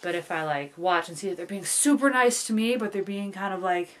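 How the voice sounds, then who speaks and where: Young woman, casual vlogger, rambling and overthinking, filler-heavy, mid-pitched, camera mic. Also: lively intonation, fairly quick. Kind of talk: casual confessional vlog.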